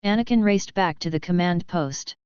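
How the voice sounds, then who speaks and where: A woman narrating fan fiction as a storybook reading, in an even, measured way. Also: on the low side, clean tone, dry recording. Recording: slightly dull, dry sound.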